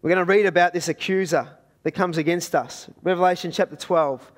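A man's voice: sits high, fairly even intonation, fairly quick. A man with an Australian accent preaching a sermon in a conversational, storytelling way.

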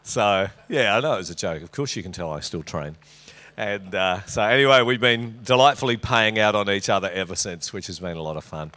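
A man's voice: lowish voice, brisk, bright, forceful tone. A middle-aged man with an Australian accent, preaching a sermon to his congregation in a church, full of teasing banter and jokes. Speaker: pastor. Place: church auditorium.

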